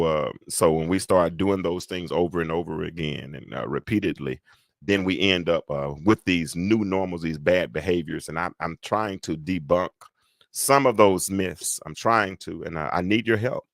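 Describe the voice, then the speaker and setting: A man hosting a live call-in talk show, rambling and animated, swinging between loud and soft talk. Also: low-pitched, moderate pace, creaky, dry recording, clean studio sound.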